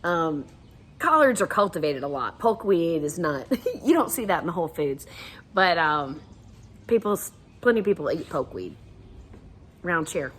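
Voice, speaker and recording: A woman's voice: on the low side, big pitch swings, moderate pace, long pauses, fairly bright tone, slightly rough. A middle-aged woman with a Southern American accent from Atlanta, leading a guided laughter session in a chatty, folksy way, laughing often.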